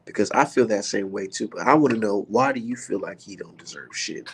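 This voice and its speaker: A man's voice: fairly low pitch, fairly quick, husky. A man giving a heated, profanity-filled boxing rant on his vlog. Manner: heated, animated, swears constantly. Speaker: boxing vlogger. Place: indoors, maybe art studio.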